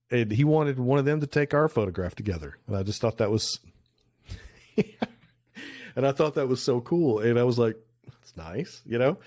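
On a remote call, a middle-aged man who works as a photographer rambles through anecdotes as a podcast guest, restarting often in the casual interview. He has a lowish, darkish voice, and the audio is studio quality without echo.

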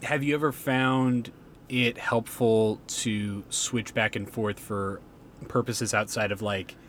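Halting podcast co-host asking questions. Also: medium pitch, fairly even intonation, a bit bright, a little hiss or hum. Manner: halting, restarts questions, mostly short affirmations. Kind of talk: casual podcast chat.

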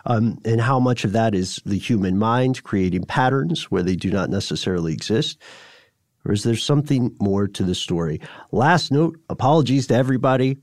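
A man's voice: on the low side, expressive, moderate pace, a little mellow, no echo, studio quality. A man co-hosting a podcast in casual chat, wry and rambling, thinking aloud with fillers. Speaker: podcast co-host.

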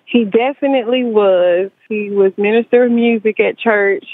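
A young woman calling in to a radio show, speaking softly and holding back tears. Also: medium pitch, normal speed, dry recording. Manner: fighting back tears, soft. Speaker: caller. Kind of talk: phone call to radio show. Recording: tinny phone line.

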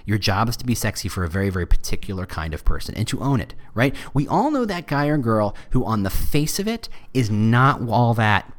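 Male podcast host, lively pitch, joking and self-deprecating, casual advice monologue.

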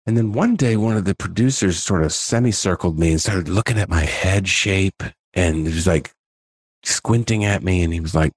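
A man's voice: deep voice, normal speed, breathy edge, dry recording, clean studio sound. A man in his forties, a guest in a casual interview, telling stories animatedly and acting out the dialogue. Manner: animated storyteller, acts out dialogue.

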